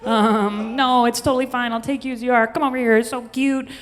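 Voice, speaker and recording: A breezy, gushing young boyfriend, as a woman storyteller quotes him, cheerful and reassuring, a little higher than her usual talk. It rings out with a long hall reverb. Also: level tone, brisk, close to an everyday voice.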